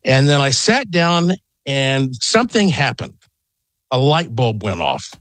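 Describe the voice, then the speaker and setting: A middle-aged man, a guest on a call-in radio interview, telling an excited, rambling story from his home. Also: medium pitch, a little slow, no echo. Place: home in Las Vegas.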